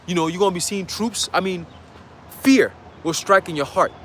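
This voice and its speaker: A man's voice: sits high, normal speed, a bit bright, a little hiss or hum. A man preaching a dramatic, slangy sermon outdoors in a city, often checking in with his listeners. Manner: emphatic, checks in with "okay?". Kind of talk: street sermon.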